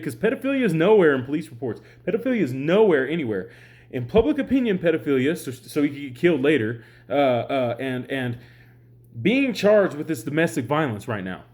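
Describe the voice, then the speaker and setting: A sleep-deprived, exhausted online commentator rants to his viewers in a heated vlog, rambling, exasperated and swearing frequently. His voice sits on the high side with a darkish tone.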